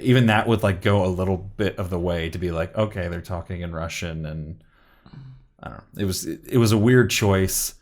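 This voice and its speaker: Young man, fairly low voice, podcast co-host, stammering, trailing off. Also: normal speed. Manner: stammering restarts, trails off quietly. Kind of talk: casual movie review chat.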